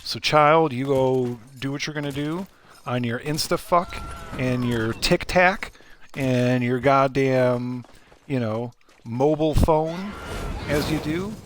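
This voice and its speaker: A man with a Midwestern accent voicing a gruff, fed-up middle-aged dad who grumbles dismissively. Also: mid-range voice, takes it slowly, a little hiss or hum, close to an everyday voice. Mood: grumbling. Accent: Midwestern American.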